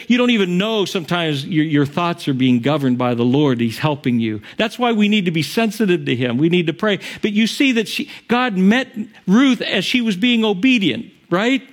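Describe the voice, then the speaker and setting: A male pastor preaching a sermon in an animated, emphatic way. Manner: animated, emphatic, shifting pitch for quotes.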